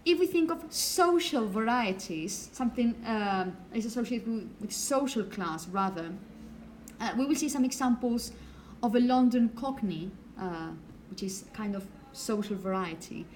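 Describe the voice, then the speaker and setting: A woman giving a classroom lecture, explaining slowly and often checking in with the students. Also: on the high side, expressive, a little mellow, slight background noise.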